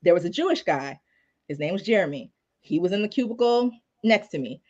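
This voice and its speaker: A woman criminal law attorney, a guest telling stories in a casual, animated way with many fillers. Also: fairly low pitch, fairly quick, muffled recording. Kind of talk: casual storytelling in a live discussion.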